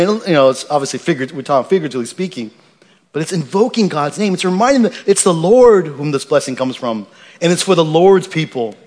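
A man delivers a sermon from the pulpit in a slightly raised voice. He is earnest and emphatic, often circling back to restart a phrase. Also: on the high side. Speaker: pastor.

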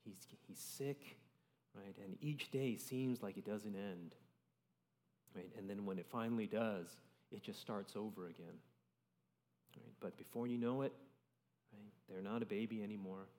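A man's voice: fairly low pitch, warm tone. A young man preaching a sermon in a conversational way, often checking in with "right?" as he reads and explains scripture. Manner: conversational, keeps adding "right?". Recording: long reverb of a large hall.

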